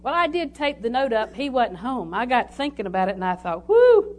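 A woman's voice: on the high side, lively intonation, a little fast. A woman preaching a sermon, telling homely stories and reading scripture aloud. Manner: folksy storytelling with scripture reading.

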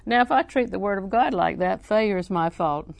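A woman's voice: medium pitch, expressive, fairly quick, vocal fry. A woman preaching a sermon, telling folksy stories with frequent laughs and repeating scripture lines for emphasis.

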